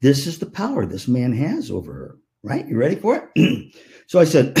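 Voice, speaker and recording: A man's voice: mid-range voice, wildly swooping pitch, moderate pace, a little mellow. A man giving a conference keynote, telling stories playfully and acting out family members' voices. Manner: playful, jokes with audience. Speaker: keynote speaker.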